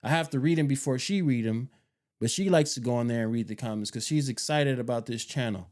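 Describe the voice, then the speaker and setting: A man hosting a homestead vlog, talking casually and rambling, repeating himself with relaxed slang. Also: mid-range voice, brisk. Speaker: homestead channel host.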